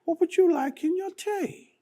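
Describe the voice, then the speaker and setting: A man voicing a gracious elderly British queen with a British accent, speaking in a prim, courteous falsetto. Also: a little slow, mellow.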